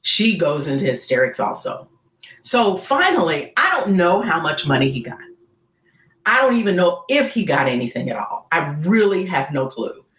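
Animated woman telling a story. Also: lowish voice, normal speed. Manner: animated, keeps checking in with "right?". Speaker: guest, keynote speaker. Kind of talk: animated storytelling in a podcast interview. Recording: roomy echo.

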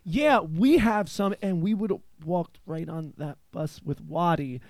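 A man's voice: on the high side, measured pace, a little mellow, no room sound. A man from eastern Pennsylvania hosting a casual chat show, telling stories in a rambling, profane way with lots of filler words. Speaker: podcast host.

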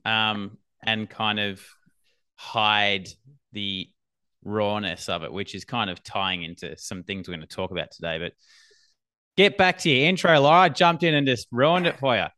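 Bright-voiced Australian man, easygoing chat. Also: fairly low pitch, fairly even intonation, normal speed, smooth, no echo, studio quality. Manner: easygoing, laughs readily, trails off while thinking. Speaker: podcast guest and business coach. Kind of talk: casual podcast conversation.

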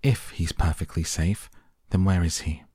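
A man voicing a shrill, furious middle-aged mother who shrieks in indignation. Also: moderate pace, mellow, breathy edge, dry recording, studio quality.

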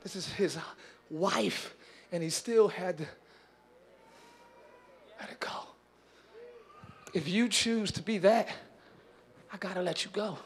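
A man preaching a sermon in church as pastor, acting out everyday scenes and shouting his points to the congregation. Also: high voice, takes it slowly, pauses often, husky.

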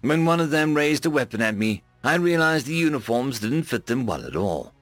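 A man voicing a shaken human man who sees himself as a coward, telling his story in a rueful, halting way. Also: medium pitch, very animated, fairly bright tone, no room sound, soft background music.

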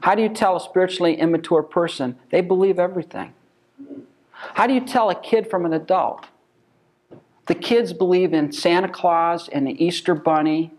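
A man's voice: sits high, moderate pace, darkish tone. A man teaching a church Bible class, emphatic and full of rhetorical questions.

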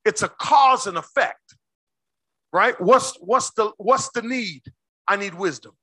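High, bright-voiced preaching pastor. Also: male voice, breathy edge, no echo. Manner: call-and-response questions to the congregation; slows down to stress words. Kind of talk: sermon.

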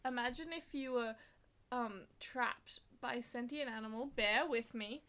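A woman's voice: a little high, a little slow, a bit bright. An Australian woman co-hosting a casual podcast, telling rambling stories with lots of giggles. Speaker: podcast co-host.

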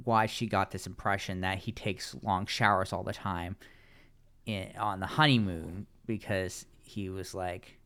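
A man speaks slowly and sarcastically in a smooth, clear voice. He talks casually on a podcast and often restarts his sentences. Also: sits low, fairly even intonation, fairly bright tone. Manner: unhurried, sarcastic, halting restarts. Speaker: podcast co-host. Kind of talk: casual podcast recap chat.

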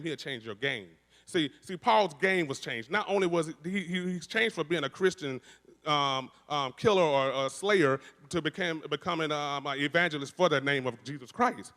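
A man's voice: fairly high pitch, moderate pace. Fervent man testifying in a reverberant church. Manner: energetic, repetitive preacher cadence with frequent restarts. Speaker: worship musician and speaker. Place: church building. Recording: long reverb of a large hall.

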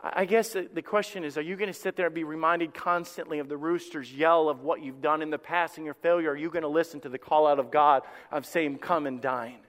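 A high, bright-voiced man preaching with passion, dropping low and quiet, then rising to a shout. He often repeats his opening words as he builds each point. His voice rings out with a long reverb through a church sanctuary. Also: steady tone, fairly quick, few pauses. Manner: impassioned preaching, swings from hushed to loud; repeats words when starting a phrase. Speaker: pastor. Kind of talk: sermon.

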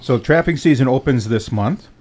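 A man's voice: mid-range voice, lively intonation, normal speed, a little mellow. A man hosting a radio show, chatting easily with a guest and asking short questions. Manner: easygoing, asks short questions, laughs often. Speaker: radio host. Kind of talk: casual radio chat.

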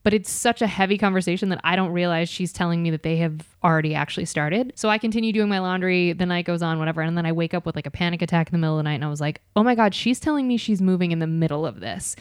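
A woman's voice: lowish voice, racing, hardly any pauses, clean tone, dry recording, studio quality. A woman in her twenties, a podcast co-host, telling a story in casual chat and acting out the quoted dialogue.

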